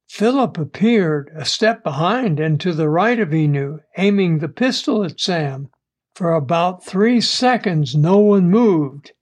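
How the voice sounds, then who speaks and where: A man narrates a first-person story chapter in a measured, deliberate way. His voice sits high for a man, and he takes his time over every phrase. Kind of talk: audiobook story reading.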